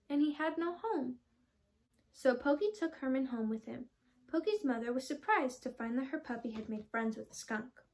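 A teenage girl reading a children's storybook aloud, with clear, expressive storytelling. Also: a little high. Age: teens. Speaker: storybook reader.

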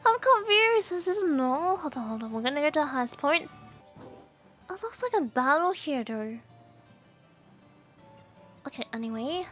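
A young woman chats to her stream while she plays, her voice sitting very high and sounding bright and forceful. She is excitable and gasps and squeals often, with faint game music behind her. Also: moderate pace, pauses often. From Australia. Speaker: VTuber streamer. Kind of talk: gameplay live stream chat.

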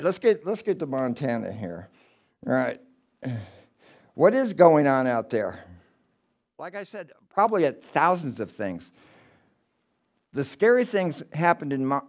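A middle-aged man giving a casual, rambling talk of ghost stories, going off on tangents and swinging between excited outbursts and hushed tellings. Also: medium pitch.

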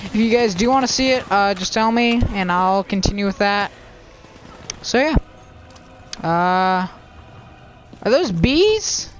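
A man hosting a gaming channel, giving excitable, rambling, silly commentary while he plays. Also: sits high, a little slow, pauses often, slight background noise. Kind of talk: let's play commentary.

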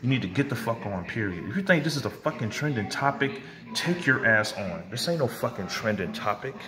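A man's voice: medium pitch, animated, brisk, crowd noise. A man ranting hotly to camera as a vlogger, profane and confrontational, now and then mocking others in put-on voices. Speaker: vlogger and music producer.

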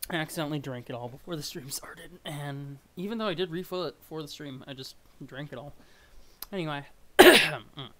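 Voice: medium pitch, normal speed, sharp tone, a little hiss or hum. A streamer chatting casually and rambling while reading through a webcomic on a live stream. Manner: rambling, self-deprecating, chatty.

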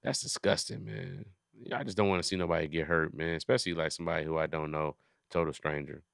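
A man's voice: low voice, steady tone, quick pace, creaky, no room sound, studio quality. A man hosting a comedy podcast, riffing in casual profane chat and acting out little scenes.

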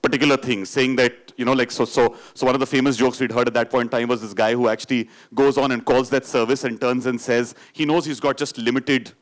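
A middle-aged Indian man tells a personal story to a live audience, his English carrying an Indian accent. His delivery swings from animated radio-jockey playfulness to a low, serious hush. His voice sits at an ordinary middle pitch for a man. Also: fast, few pauses. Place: stage before an audience.

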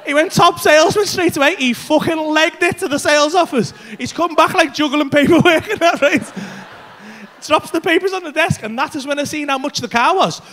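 A male stand-up comedian telling a story on a comedy club stage, animated and swearing, shouting his punchlines. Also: extremely high pitch, fairly quick.

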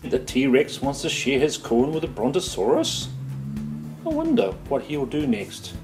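Goofy kitchen host, wildly swooping pitch. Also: male voice, huge pitch swings, measured pace, echoey room, music in the background. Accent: New Zealand. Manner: goofy, playful, sing-song exclamations. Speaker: cooking show host. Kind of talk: comedic cooking show. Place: home kitchen.

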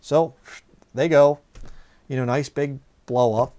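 A man's voice: mid-range voice, fairly even intonation, takes it slowly, warm tone. A man preaching a sermon, telling a rambling personal story full of fillers and rising into heated outbursts.

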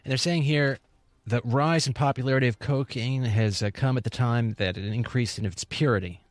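A man's voice: medium pitch, no echo. Mild man reading news items. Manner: measured and mild, a bit hesitant. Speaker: co-host reading news stories. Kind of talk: reading headlines in casual chat.

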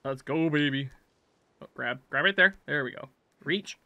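A man doing let's play commentary, yelling at his character and swinging from muttered self-talk to loud shouts. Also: medium pitch, moderate pace, no echo, highs cut off. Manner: jokey self-talk while playing. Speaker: gaming channel host.

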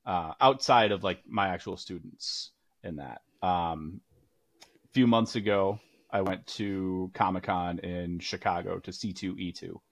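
Male guest, lowish voice, relaxed hesitant speech, dry close mic. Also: measured pace, dry recording. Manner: easygoing, hesitant, many fillers. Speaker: podcast guest, teacher. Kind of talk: casual interview chat.

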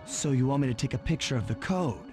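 A man's voice: mid-range voice, animated, quick pace, close to an everyday voice. An actor voicing a laid-back male raccoon master thief in a video game, easygoing and a bit lost by tech talk. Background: game music.

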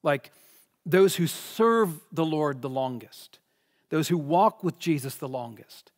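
A man delivers a sermon in a church sanctuary with a high, emphatic voice. He stresses his points and repeats words as he pushes an argument. The sound carries a long hall reverb. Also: animated, takes it slowly. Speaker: pastor.

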